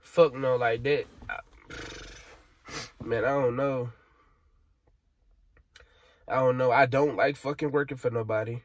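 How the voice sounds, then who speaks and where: A man's voice: mid-range voice, steady tone, a little slow, long pauses. Tearful young man venting. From Alabama, USA. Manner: frustrated, rambling, profane, slangy. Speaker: vlogger. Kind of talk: emotional vent to camera.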